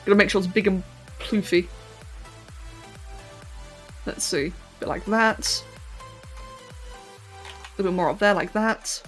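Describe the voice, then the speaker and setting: Soft background music accompanies a London woman with an English accent, a streamer and 3D artist working on a 3D model during a casual live stream. Her medium-pitched, slightly bright voice is unhurried with long pauses, and she laughs often while tripping over her words.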